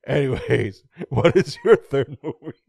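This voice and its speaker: A man's voice: mid-range voice, unhurried, vocal fry, husky, no echo, clean studio sound. A man chatting casually about movies, rambling, laughing often and swearing freely. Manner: animated when mocking movie scenes.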